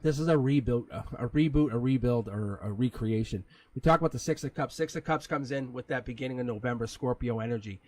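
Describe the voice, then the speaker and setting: A man's voice: mid-range voice, fast talker, hardly any pauses, a little mellow, rough recording. A man hosting a live tarot reading, talking in a rambling, casual way, chuckling often and swearing now and then. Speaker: tarot reader, livestream host.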